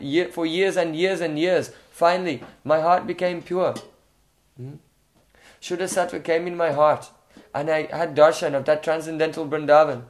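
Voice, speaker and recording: Man, somewhat high pitch, devotional lecturer, reflective, frequent "hmm?" asides. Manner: frequent questioning "hmm?" to listeners; unhurried, reflective storytelling. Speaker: spiritual teacher.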